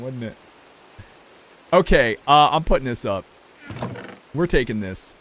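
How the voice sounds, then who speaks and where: Young male streamer, casual and profane, lively pitch, faint rain noise behind. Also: unhurried. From United States. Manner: rambling, loose and profane, talks to chat. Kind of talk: casual live-stream chat while gaming.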